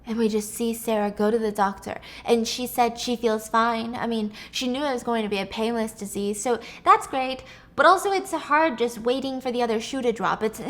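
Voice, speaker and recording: A young woman hosting a podcast, telling a story in a casual, animated way with swearing. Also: on the high side. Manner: animated, swearing, reacting to her own story. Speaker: host.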